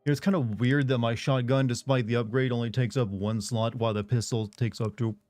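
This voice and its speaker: Mellow man streaming a game. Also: medium pitch, brisk, no room sound, soft background music. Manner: relaxed, chatty, thinking aloud. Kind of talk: casual gameplay commentary.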